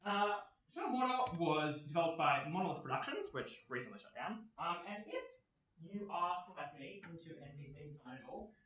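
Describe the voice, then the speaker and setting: Young man, Australian accent, chatty presenter, animated pitch, roomy echo. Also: brisk. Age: young adult. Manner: chatty, rambling, many fillers. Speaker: workshop presenter. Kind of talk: casual lecture. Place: university lecture room. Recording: roomy echo, mic far off.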